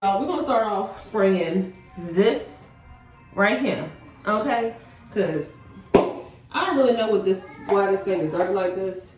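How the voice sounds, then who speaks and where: A woman's voice: medium pitch, animated, unhurried, pauses often, music in the background. A pregnant young woman, out of breath, chatting straight to her viewers in a casual clean-with-me vlog from her bathroom. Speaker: vlogger. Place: bathroom at home. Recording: echoey home room with faint noise.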